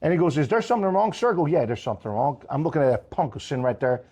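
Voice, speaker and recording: A man who owns a restaurant, telling a story in casual chat with animated, profane, fiery energy. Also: a little high, racing, husky. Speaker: restaurant owner.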